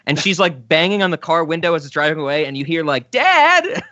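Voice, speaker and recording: A man's voice: on the high side, quick pace, sharp tone, no room sound, muffled recording. A man hosting a film podcast in casual chat, easygoing and chuckling often. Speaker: podcast host.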